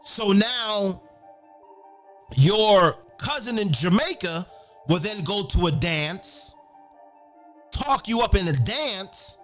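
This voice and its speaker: Male host, lively swooping delivery, sing-song rant, music playing underneath. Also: sits high, slow pace, long pauses. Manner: animated, profane, half-singing lines. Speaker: event host. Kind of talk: excited monologue over a beat.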